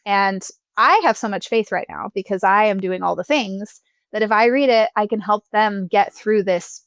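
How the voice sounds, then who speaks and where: A woman's voice: medium pitch, normal speed, fairly bright tone, dry recording. A young woman guest in a casual interview, chatty, laughing often and filling her talk with "like" and "you know.". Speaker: podcast guest.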